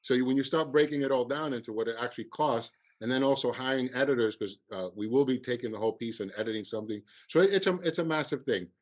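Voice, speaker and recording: A man with a Cuban accent, a festival producer, talking in a halting podcast interview with many restarts and fillers. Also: mid-range voice.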